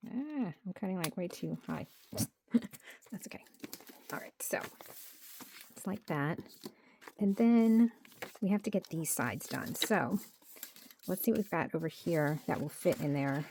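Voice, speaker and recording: Casual female craft creator at her home desk: animated, singsong delivery, thinks aloud, slips into near-whispers. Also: on the low side, measured pace, vocal fry, slight background noise. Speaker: journaling creator.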